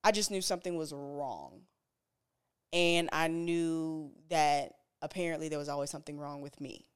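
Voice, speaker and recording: A woman talks frankly through a personal story on a podcast, her voice smooth and clean. She sits a little low in pitch and keeps an earnest, straightforward tone. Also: normal speed. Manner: earnest, direct, conversational. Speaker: podcast co-host.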